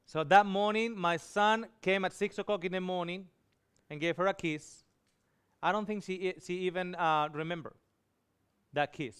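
A man's voice: sits high, fairly bright tone, clear, resonant tone. A man preaching a sermon, telling an emotional personal story and acting out the dialogue in it. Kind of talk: sermon testimony.

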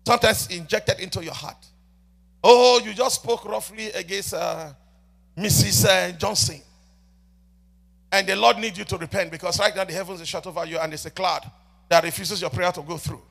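High, gravelly preaching man, shouting. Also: moderate pace. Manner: swings between shouting and soft murmured prayer; repeats "ladies and gentlemen" often. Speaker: prophet preaching. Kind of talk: sermon.

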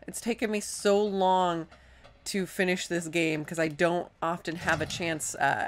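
A woman casually commenting on her own gameplay, chatty and self-deprecating, thinking out loud as she plays. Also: fairly low pitch, slight background noise. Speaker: let's play host.

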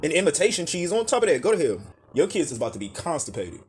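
A man giving a profane comedic rant as a reaction commentator, loud and exasperated. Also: medium pitch, lively intonation, fast talker, breathy edge. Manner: loud, exasperated, heavy cursing.

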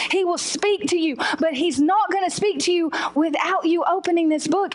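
A young woman giving a sermon testimony, telling her story expressively and acting out the voices. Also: very high voice. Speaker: guest speaker giving testimony.

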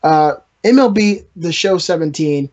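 A man's voice: on the high side, measured pace, a little mellow, lo-fi sound. A man hosting a casual gaming podcast, rambling and joking with his co-hosts. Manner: rambling, joking, trash-talking. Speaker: podcast host.

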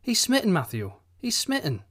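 A man putting on a sharp, fussy farmer's wife. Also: quick pace, natural voice. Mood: insistent. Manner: insistent, raises pitch in emphasis.

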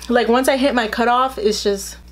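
A woman's voice: fairly high pitch, steady tone, moderate pace. A young adult woman telling a casual storytime, chatty and full of "like", acting out the lines she quotes. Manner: chatty, fills speech with "like". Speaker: vlogger.

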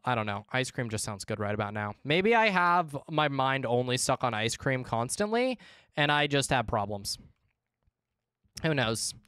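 A man livestreaming a game, rambling and cursing to his chat in a loose, offhand way. His voice is smooth and resonant, at a middling pitch. The sound is dry and close, with no room echo at all. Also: a bit bright. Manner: chatty, swears freely, talks to chat. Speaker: streamer. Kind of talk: casual livestream commentary.

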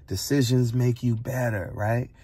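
A man's voice: medium pitch, steady tone, a little slow, dark tone, breathy edge, no room sound. Blunt, preachy man lecturing. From United States. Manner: blunt, preachy, repeats for emphasis; hammers points with rhetorical questions. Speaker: barbershop commentator. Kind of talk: heated monologue.

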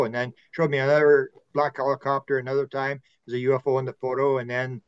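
A man's voice: mid-range voice, level tone, fast, hardly any pauses, clean tone, no room sound, muffled recording. A man hosting a panel, recounting anecdotes with hesitant fillers over a video call. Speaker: host. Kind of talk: casual panel chat.

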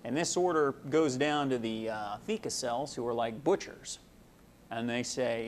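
A young man walks through a lesson in a relaxed, conversational way, reaching for everyday comparisons. His voice sits at an ordinary middle pitch and is broken up by frequent "uh" pauses. A faint hiss sits under the recording. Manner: casual, uses homely analogies, frequent "uh". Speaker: medical student presenter. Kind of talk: explanatory lecture.

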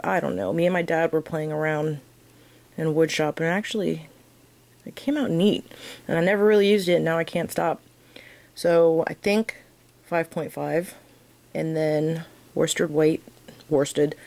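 A woman talks through a crochet lesson at an unhurried pace. Her voice has a gravelly, fry-tinged texture, and she counts her stitches softly under her breath between her friendly asides. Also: lowish voice, poor audio. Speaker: crochet instructor. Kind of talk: casual tutorial.

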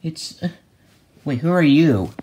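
A man voicing a frightened young male dragon sidekick in a plush toy play, crying out for help in a high voice. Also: expressive, slow, warm tone. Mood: panicked. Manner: high, panicked cries for help.

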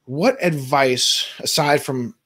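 Supportive male interview host, husky voice. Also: medium pitch, takes it slowly, a bit bright. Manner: friendly, supportive, affirming fillers. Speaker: podcast host. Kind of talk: casual interview chat.

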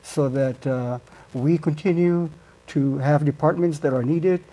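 A man from Guam, a senatorial candidate, answering panel questions in a halting way with many fillers. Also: on the high side, warm tone.

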